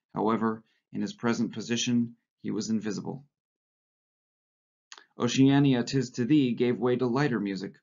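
A male teacher reading a novel aloud to his class in a steady voice, with brief asides and small slips. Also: fairly low pitch, gravelly. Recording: slightly dull lo-fi recording.

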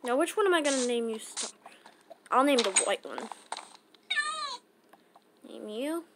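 Her voice is on the high side with lively intonation and a slightly slow pace. As a gaming channel host, she offers casual commentary on the game she's playing, rambling in chatty self-talk. Loud background noise runs through the clip.

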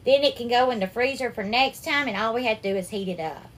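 A woman hosting a live cooking stream, warmly greeting viewers by name and calling them darling and sweetheart. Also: fairly high pitch, fast talker. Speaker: cooking livestream host.

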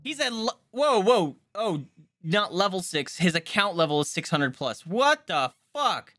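Male streamer, excitable, swearing, bright tone, high voice. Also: normal speed, no echo. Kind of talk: gameplay commentary.

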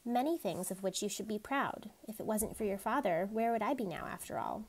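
A reserved adult housemaid who speaks softly and weighs every word, as a woman reader puts her on. Her voice sits at a middling pitch with a noticeably gravelly texture. She sounds measured and restrained. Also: animated. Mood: earnest. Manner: quiet, careful, restrained.

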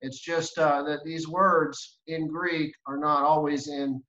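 A middle-aged man speaks slowly and haltingly, restarting his words, with a bright, forceful tone. His voice comes through a video call that sounds echoey and muffled. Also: on the high side, little pitch movement. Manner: hesitant, halting, repeats words. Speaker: guest reading Biblical Greek. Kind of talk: casual discussion.

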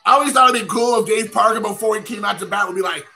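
A man with a high, gravelly voice talks in a rambling, self-mocking way, tossing out asides to viewers as he opens card packs. His tone is very bright and sharp, and faint music plays behind him. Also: fast, rough recording. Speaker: card collecting channel host. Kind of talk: casual live-stream chat while opening cards.

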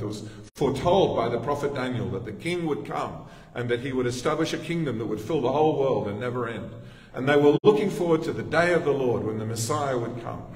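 In an echoey church hall, captured by a distant mic, a pastor with an Australian accent preaches conversationally in the sanctuary. His mid-range voice is a little mellow, and he turns to the congregation with asides.

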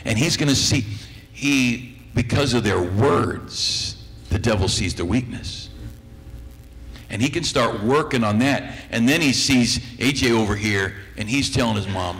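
A man's voice: lowish voice, normal speed, fairly bright tone, rough recording. A male pastor preaching a sermon in a church, folksy and teasing, acting out the voices of the people he quotes. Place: church sanctuary.

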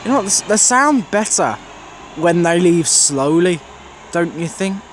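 A man's voice: high-pitched, animated, unhurried. A man vlogging at a railway station, casually calling out arriving trains, services and unit numbers and correcting himself as he goes. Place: outdoors on a railway station platform. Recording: loud outdoor station noise.

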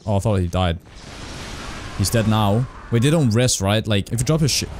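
Young male streamer, low mellow voice, excitable and profane, faint background hum. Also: normal speed. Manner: excitable, swears a lot. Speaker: gaming streamer. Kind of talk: casual gameplay commentary.

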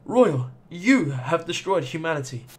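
A man's voice: a little high, sing-song, unhurried, breathy edge, heavily acted. A man reading as a stern regal matriarch. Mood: scolding. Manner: cold, scolding, self-righteous.

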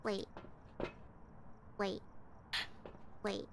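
A woman's voice: drawn-out words, a little hiss or hum. A woman streamer chatting playfully and teasing a friend while they play a game together. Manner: teasing, playful, laughs often. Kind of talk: casual chat while gaming.

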